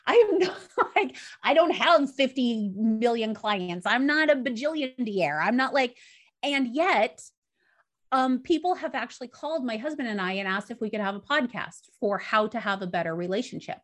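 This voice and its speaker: Candid higher-voiced woman telling stories. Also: animated, moderate pace. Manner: candid, storytelling, acts out dialogue. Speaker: podcast guest. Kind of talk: casual chat.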